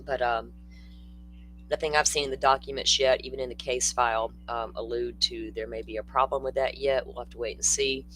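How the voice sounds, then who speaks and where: Older man, livestream host, casual blunt chat, mid pitch, faint hum behind. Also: steady tone, fairly quick, sharp tone, rough recording. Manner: chatty, blunt, answers chat comments. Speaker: true-crime livestream host.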